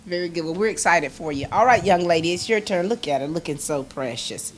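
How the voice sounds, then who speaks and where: A woman's voice: fairly low pitch, lively intonation, fairly quick. A chatty woman hosting a local TV interview, laughing often. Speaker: host.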